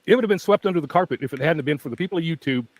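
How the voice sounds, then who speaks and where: On his true-crime livestream, a man with a high, animated voice races through rambling casual chat at home with his pets, laughing frequently. He speaks very close to the mic in a dry, poor-quality recording, and his weak voice wears out easily.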